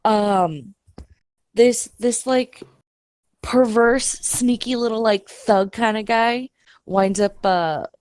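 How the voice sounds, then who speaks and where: Slow-talking woman, dry close sound. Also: a little high, a little mellow, smooth, no room sound. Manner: unhurried, halting, searches for words, laughs easily. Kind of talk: casual chat.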